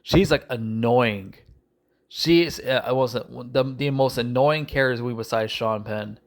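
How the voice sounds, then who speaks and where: A man's voice: mid-range voice, moderate pace. A man ranting angrily through a video movie review, swearing and repeating himself, with frequent restarts. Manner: angry, profane, repetitive ranting; restarts and stumbles often.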